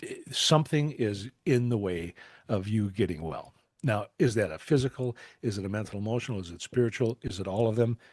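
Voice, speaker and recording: A man's voice: fairly low pitch, lively intonation, fairly quick, a little mellow, no room sound, clean studio sound. A man in his forties, a podcast guest telling long anecdotes, repeating words as he thinks and laughing often. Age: 40s. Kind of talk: storytelling in a podcast interview.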